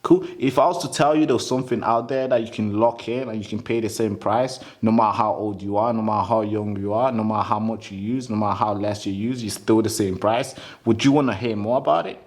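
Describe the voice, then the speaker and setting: A man's voice: lowish voice, steady tone, a little fast, few pauses, darkish tone. A young man, a sales company owner, chatting casually and animatedly about door-to-door selling, swearing freely and calling the listener "bro". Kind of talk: casual podcast chat.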